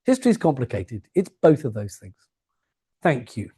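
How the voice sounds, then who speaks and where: A man's voice: mid-range voice, a little hiss or hum. A man giving an evening history talk to a live audience in a museum, chatty and full of jokey asides. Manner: chatty, jokey asides, quick lively delivery. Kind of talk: public lecture with anecdotes. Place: museum lecture room before a live audience.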